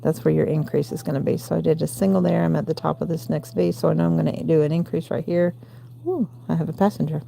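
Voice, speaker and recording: A woman in her forties with a gravelly voice and a Southern US accent, hosting a late-night crochet livestream from home and counting stitches aloud between chatty asides. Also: low voice, fairly even intonation, fast talker, warm tone, a little hiss or hum. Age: 40s. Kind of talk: casual crochet tutorial chat.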